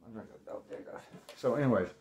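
A man with an ordinary middle-pitched voice tells his story in loose, slangy talk. He gets animated and acts out moments with sudden loud outbursts. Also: very fast, a little hiss or hum. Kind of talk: casual spoken storytelling.

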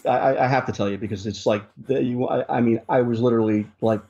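A man's voice: mid-range voice, fairly even intonation, quick pace, vocal fry, mellow. Rambling male storyteller, muffled lo-fi sound. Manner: rambling, with many restarts and fillers. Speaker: rideshare driver and interview guest. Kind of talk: casual storytelling in an interview. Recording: dull lo-fi sound.

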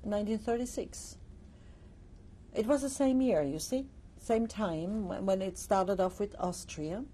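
Older woman, mellow voice. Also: mid-range voice, a little slow, a little hiss or hum. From Alsace, France. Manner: reflective, explanatory, frequent "you see" and "uh". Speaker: interviewee. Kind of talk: recorded testimony interview.

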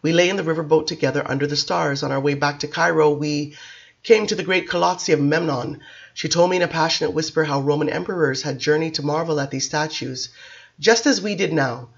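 Woman, audiobook narration, measured and expressive, dull lo-fi sound. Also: sits low. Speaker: audiobook reader.

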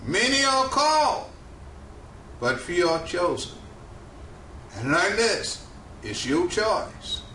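A high-pitched man with a preaches slowly and deliberately, his bright voice lifting and dropping for emphasis. He sounds set back from the mic in a roomy, echoing space with faint ambience behind. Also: big pitch swings, slight background noise. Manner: slow, emphatic preaching with rising and falling cadence. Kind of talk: sermon. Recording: echoey room, mic at a distance, faint ambience.

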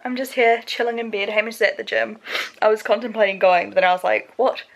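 A woman's voice: medium pitch, level tone, fast, noisy background. A young woman from New Zealand with a New Zealand accent, chatting casually and rambling in a tired way while vlogging at home. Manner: chatty, rambling, laughs often. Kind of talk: casual vlog chat. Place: home bedroom, indoors.

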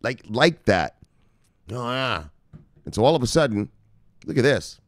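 A man's voice: mid-range voice, big pitch swings, unhurried, no room sound, studio quality. A man hosting a crypto news show, talking casually with lots of swearing, laughter and playful asides. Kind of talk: casual profane news commentary.

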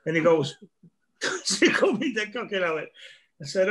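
A man's voice: sits high, sing-song, moderate pace, long pauses, a bit bright, slightly rough. A middle-aged man, a comedian telling funny stories in a casual chat, laughing often and acting out voices. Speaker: comedian guest.

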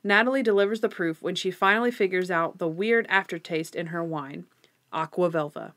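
A woman's voice: fairly low pitch, fairly quick. A woman co-hosting a podcast, recapping episodes and chatting casually. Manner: relaxed, quotes lines in a playful voice. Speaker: podcast co-host.

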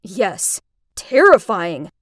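A woman voicing a friendly, easygoing young male film director in an animated story, pitching her voice a little lower. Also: drawn-out words, dry recording, clean studio sound, heavily acted.

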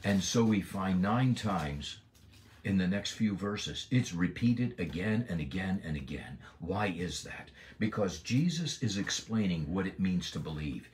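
Lively low-voiced man teaching the Bible. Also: a little slow, a little hiss or hum. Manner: emphatic, rising on key words. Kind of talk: Bible lesson.

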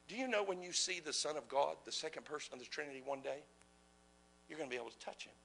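Male preacher, fiery sermon delivery, bright gravelly voice, leaps from shouts to whispers, faint hum underneath. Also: a little high, lively intonation, fast talker, poor audio. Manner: passionate, swings from shouting to hushed whispers; asks the audience rhetorical questions.

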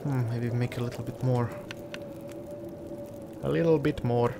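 Gravelly-voiced man muttering through a game. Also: medium pitch, steady tone, measured pace, background noise. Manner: mutters to himself, talks to the game. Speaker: let's play gamer. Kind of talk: casual gameplay commentary.

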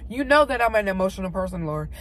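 A woman's voice: medium pitch, animated, quick pace. Tearful, heartfelt woman in her car. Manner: heartfelt, swings from loud exclaiming to soft near-whispers. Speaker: vlogger. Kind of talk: emotional faith vlog, talking to camera. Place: parked car.

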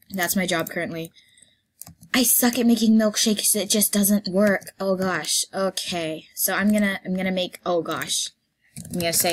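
A woman giving playful, rambling commentary while playing a game, her voice hoarse and she keeps clearing her throat. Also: lowish voice, steady tone, moderate pace. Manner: chatty, playful, rambling with fillers. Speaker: gameplay vlogger. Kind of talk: casual gameplay commentary.

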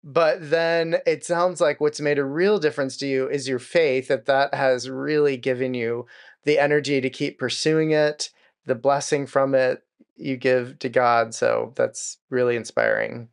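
A man's voice: mid-range voice, level tone, a little slow, vocal fry, clean tone. A man hosting an interview, asking questions in an encouraging way. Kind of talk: interview conversation.

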